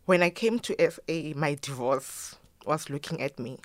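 Low-voiced woman telling her story. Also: moderate pace, no room sound. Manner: animated, acts out quoted voices, mixes in Zulu phrases. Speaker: guest, choreographer and yoga teacher. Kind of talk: emotional personal storytelling.

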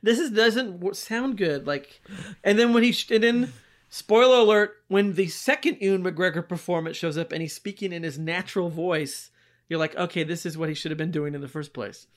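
Podcast co-host: a higher-pitched man, lively and quick to laugh, chatting about movies. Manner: animated, laughs often, mocks accents. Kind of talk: casual movie review chat.

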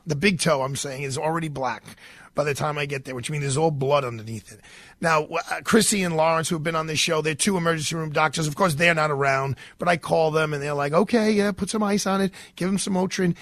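A man's voice: a little high, a bit bright, no echo. A middle-aged man hosting a radio talk show, telling stories in a chatty, rambling way into a studio mic. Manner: chatty storytelling with fillers and restarts. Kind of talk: casual radio monologue. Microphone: studio microphone.

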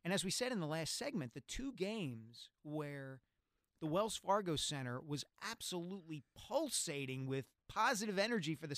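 A man hosting a sports talk radio show, articulate and brisk, on a studio microphone. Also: on the high side, a bit bright, no room sound.

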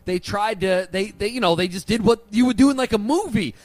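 A man's voice: high-pitched, fairly quick, dry recording. A man hosting a sports radio show from the studio, chatting loosely and laughing easily. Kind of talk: casual sports radio talk.

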